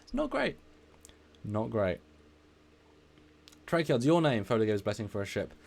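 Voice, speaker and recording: Chatty energetic guy on a live stream, reading out chat comments, mid-range voice. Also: medium pitch, a little slow, gravelly. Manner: energetic, laughs easily.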